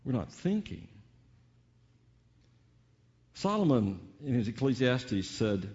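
Older preacher, dramatic swings. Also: male voice, very animated, slow pace, long pauses, muffled recording. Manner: dramatic preaching, swings from booming peaks to hushed asides, rhetorical questions. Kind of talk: sermon.

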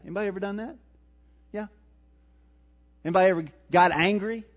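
A man's voice: sits high, brisk, long pauses. A man preaching a sermon in a conversational way, putting questions to his congregation and answering them himself. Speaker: pastor. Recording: tinny phone-like sound.

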